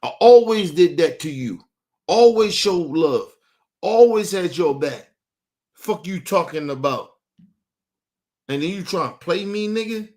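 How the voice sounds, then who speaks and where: A man's voice: high-pitched, lively intonation, a little slow, pauses often, mellow. A man hosting a show, ranting angrily in with heavy swearing and a lot of repetition. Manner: angry, repeats himself, swears heavily. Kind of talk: heated on-air rant.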